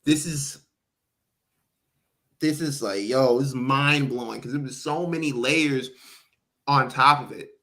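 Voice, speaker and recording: Unhurried and pausing often, a man with a medium-pitched voice recaps a wrestling match animatedly on a casual podcast he co-hosts, acting out what was said.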